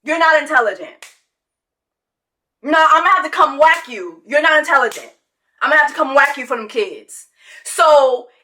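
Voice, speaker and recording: High bright sassy woman ranting. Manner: sassy, profane, mocking with sung quacking bits. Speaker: commentary host. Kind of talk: reality TV reaction commentary.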